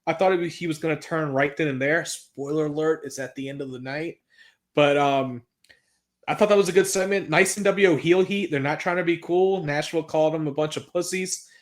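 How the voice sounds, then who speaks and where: A man's voice: on the high side, fairly quick. Casual, cursing man recapping wrestling. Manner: excitable, swears freely, reads out promo quotes. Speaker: podcast co-host recapping wrestling.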